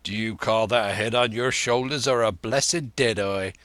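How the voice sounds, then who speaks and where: Guy doing a deep growly old pirate cook, bluff and sly, slow, dry audiobook sound. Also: a bit bright, no room sound, close to an everyday voice. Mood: bullying. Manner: bluff, blustering, sly sea talk. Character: gruff one-legged old pirate cook, wily. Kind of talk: audiobook reading.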